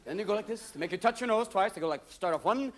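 High-voiced manic stand-up comedian. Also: male voice, expressive. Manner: manic, rapid voice switching. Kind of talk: live stand-up routine. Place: theater stage before a live audience. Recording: live concert recording with loud crowd laughter. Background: audience laughing.

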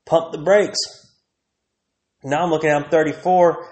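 A man's voice: a little high, steady tone, moderate pace, darkish tone, roomy sound. A man, ranting crudely and rambling as a podcast host, laughing often. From Texas. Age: 30s. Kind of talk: profane comedic rant.

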